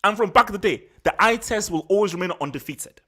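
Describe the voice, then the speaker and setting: Heated football vlog host, lively swooping pitch, slangy and repetitive, openly angry. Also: fast. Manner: animated, repetitive, slangy and self-assured; worked up and angry. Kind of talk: solo post-match reaction rant.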